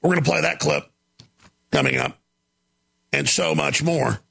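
A man hosting a talk show, delivering an emphatic, ranting monologue with a gravelly voice. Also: a little high, a little slow. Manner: gravelly, shouting, emphatic rants.

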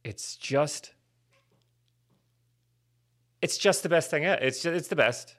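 A man's voice: a little high, slow, a bit bright. Rambling, self-mocking podcast guy. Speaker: podcast co-host. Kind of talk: casual comedy podcast chat.

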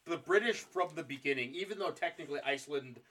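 A man's voice: fairly high pitch, fast, fairly bright tone. A man co-hosting a podcast, telling history in a casual, joking and profane way. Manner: joking, profane, slips into silly put-on voices. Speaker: podcast co-host.

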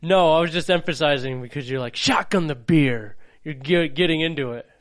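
Male podcast co-host, high-ish voice, crude jokes, quick laughs. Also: clear, resonant tone. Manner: joking, laughs often, crude. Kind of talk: casual podcast banter.

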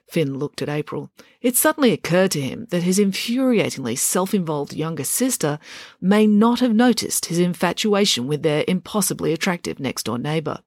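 A woman reading a children's chapter book aloud, steady and expressive. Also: on the low side, normal speed, no echo, studio quality. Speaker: storyteller.

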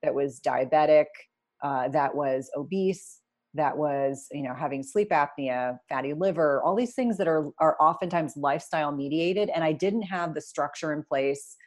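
A middle-aged woman speaks with a notably low pitch as an interview guest. She tells her story candidly and with animation, often restarting her sentences and adding asides. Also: moderate pace. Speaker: guest, nurse practitioner turned entrepreneur.

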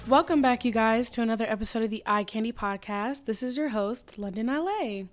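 A young woman with a slightly high voice and a hoarse, fading throat hosts her podcast alone. She talks in a chatty, candid way, full of slang. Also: fairly quick, faint music behind. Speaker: podcast host. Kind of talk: casual solo podcast chat.

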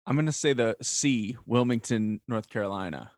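A man's voice: mid-range voice, normal speed, very noisy. A man playing along as a guest on a podcast quiz, joking in an easygoing way and laughing often. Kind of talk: casual podcast chat.

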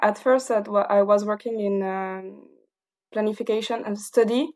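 A woman's voice: mid-range voice, fairly even intonation, moderate pace, a little mellow. A woman in her thirties from the south of France with a French accent, answering interview questions hesitantly with many fillers. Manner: hesitant, many fillers, laughs between phrases. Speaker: guest.

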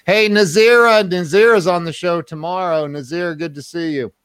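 A man's voice: sits high, moderate pace, fairly bright tone, clear, resonant tone, no echo. A man hosting an interview show, talking casually and rambling with repeated words and fillers. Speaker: host.

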